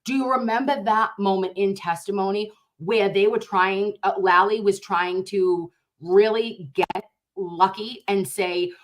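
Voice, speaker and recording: An excitable woman with a thick Boston accent, reacting in a loose, chatty way. She swears and fires off rhetorical questions. Her pitch sits in the middle of the usual range. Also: a little slow. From Boston, Dorchester. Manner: animated, excitable, swears, calls viewers babe and loves. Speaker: host reacting to a juror interview. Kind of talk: casual reaction chat.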